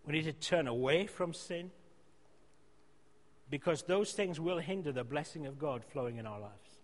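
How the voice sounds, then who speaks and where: A man preaching a sermon, earnest and emphatic, swinging between loud exhortation and softer pleading. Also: fairly high pitch, expressive, moderate pace. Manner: earnest, emphatic, rising to loud exhortation then dropping soft. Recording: long reverb of a church hall.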